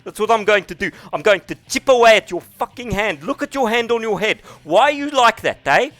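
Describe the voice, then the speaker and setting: A man's voice: sits high, expressive, fairly quick, dry recording, soft background music, pitched above the performer's own voice. A man putting on a South African accent to voice a crude, angry man ranting at rocks. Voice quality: loud, profane ranting.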